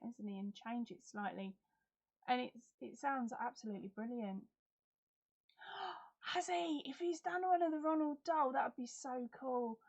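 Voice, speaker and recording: Chatty, giggly woman on a lo-fi webcam. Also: high voice. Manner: chatty, giggly, reads out viewer comments. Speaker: livestream host. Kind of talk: casual live chat.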